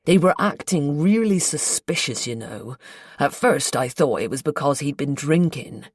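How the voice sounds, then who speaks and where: A woman voicing an earnest, guarded local man with a North Devon accent, in a slow, confiding, colloquial way, for an audiobook. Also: low voice, animated, breathy edge, no echo, studio quality, exaggerated voice. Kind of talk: audiobook character voice.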